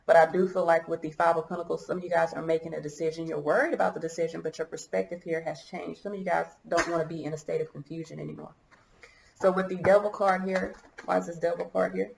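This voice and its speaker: A woman talks through a tarot spread for her viewers in a low, gravelly voice that catches now and then as she feels choked up. She muses out loud, trailing off and starting her sentences over. The room is echoey, with a faint hiss underneath. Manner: musing, hesitant, thinks aloud with many restarts. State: choked up, coughing. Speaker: tarot reader. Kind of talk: casual tarot reading to viewers.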